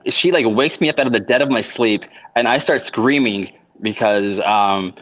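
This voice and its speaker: A man telling a long personal account in an unscripted monologue, halting, with constant restarts and filler words. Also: mid-range voice, a bit bright, lo-fi sound. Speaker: vlogger.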